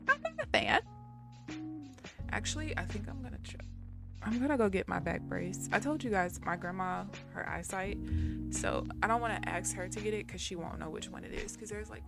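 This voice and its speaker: A woman's voice: mid-range voice, creaky. A woman chatting casually and candidly on a live stream, laughing often.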